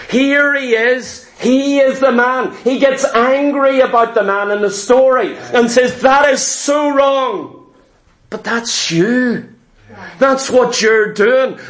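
Slow, high-voiced preacher man. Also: a bit bright. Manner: slow, dramatic storytelling preaching; acts out biblical figures' speech. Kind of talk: sermon.

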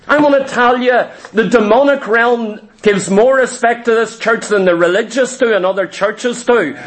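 High-voiced preacher, emphatic. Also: male voice, moderate pace. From Ireland. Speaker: pastor. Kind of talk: sermon.

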